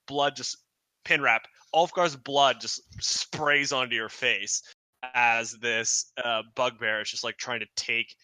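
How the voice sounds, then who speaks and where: A man narrates a tabletop game as game master with a very bright, ringing voice. He tells the action vividly, stumbling through fillers and restarts. The sound is dry and close. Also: medium pitch, slow pace, no echo. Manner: animated, vivid storytelling with many fillers and restarts.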